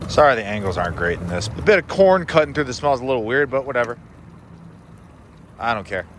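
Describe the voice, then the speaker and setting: A man's voice: mid-range voice, expressive, fast, fairly bright tone, a little hiss or hum. Laid-back man cooking outdoors. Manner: laid-back, offhand, wry. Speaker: cooking channel host. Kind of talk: casual cooking vlog talk. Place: outdoor kitchen.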